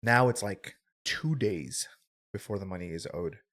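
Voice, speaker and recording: A man's voice: low-pitched, measured pace, a bit bright. A man in his twenties telling a personal story on a podcast, candid and rambling, swearing freely and filling his talk with "like" and "right?". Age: 20s. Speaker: podcast guest. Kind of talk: casual storytelling.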